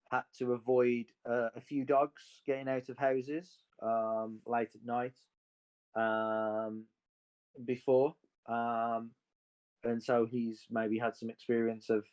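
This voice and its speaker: Male player; very slow, halting delivery, medium pitch, lots of ums. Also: a little mellow, clean tone. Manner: slow, hesitant, full of ums. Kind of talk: tabletop game play.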